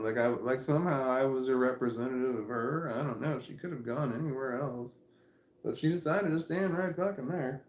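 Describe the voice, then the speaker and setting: A man's voice: mid-range voice, brisk, echoey room. A man in his forties telling a long, profane anecdote in a casual, rambling way, often breaking into laughter. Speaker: vlogger. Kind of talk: casual storytelling.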